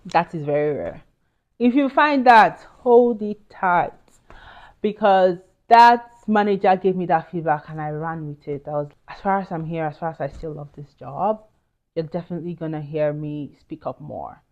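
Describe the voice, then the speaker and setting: A woman's voice: low voice, normal speed, darkish tone, muffled recording. A woman with a Nigerian accent giving career advice in a casual, earnest and emphatic chat with asides. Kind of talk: casual advice talk to camera.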